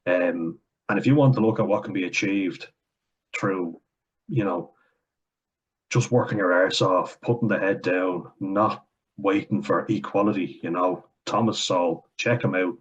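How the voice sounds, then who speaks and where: A man's voice: sits low, unhurried, slightly rough, dull audio. A young Irish man with a blunt, sarcastic, sweary way of talking, reacting to comments in casual commentary. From Ireland.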